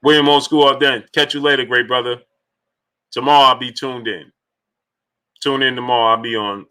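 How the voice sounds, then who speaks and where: Very bright-voiced man hosting a livestream. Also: mid-range voice, fairly even intonation, normal speed, clear, resonant tone. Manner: greets chat viewers by name, loose and talkative. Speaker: boxing livestream host. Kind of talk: casual livestream chat with viewers.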